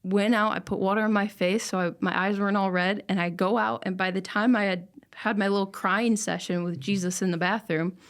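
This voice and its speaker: Young adult woman, casual podcast guest, earnest and emotional storyteller, middle pitch. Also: steady tone, brisk, hardly any pauses. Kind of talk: casual chat, personal story.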